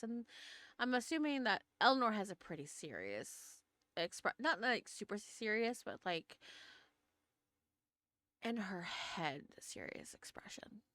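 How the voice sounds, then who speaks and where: A woman game master narrates a tabletop role-playing scene in a chatty, hedging way. Her voice is lively and bright, with a forceful edge. The sound is close and dry, with no room echo. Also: medium pitch.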